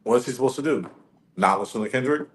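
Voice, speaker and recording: Co-host, man, mid-pitched voice, calm hedging opinions. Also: quick pace, roomy sound, slight background noise, rough recording. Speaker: podcast co-host. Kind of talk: casual chat.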